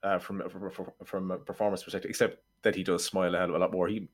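Man, low voice, wry and sardonic, film podcast co-host, casual review chat. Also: flat delivery, quick pace.

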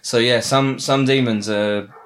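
A man, co-hosting a podcast in a casual chat, halting and restarting often and joking in slang. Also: medium pitch, steady tone, noisy background. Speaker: podcast co-host.

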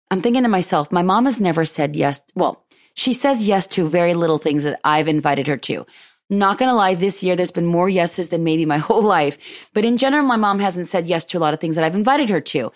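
A woman hosting a podcast, telling a personal story in a lively way and acting out what people said. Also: a little fast. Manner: animated, acts out quoted dialogue with big pitch jumps. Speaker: podcast host.

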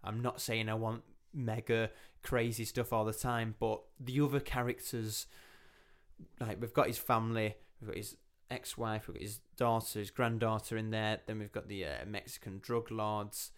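A young man hosting a casual film review chat, talking in a chatty, animated way and slipping into lively voices when he quotes scenes. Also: on the low side, normal speed, smooth. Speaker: podcast host.

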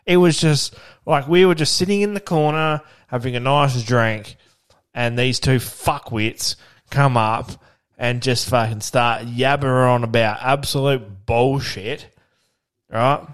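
An Australian man co-hosts a casual podcast over a video call. He tells long, rambling anecdotes and swears freely. His voice sits at an ordinary middle pitch. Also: unhurried, clean tone. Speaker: podcast co-host. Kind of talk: casual chat.

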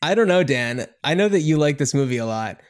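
A man's voice: fairly high pitch, expressive, fairly quick. Rambling male podcast co-host. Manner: rambling, hedging, many fillers. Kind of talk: casual film-review chat.

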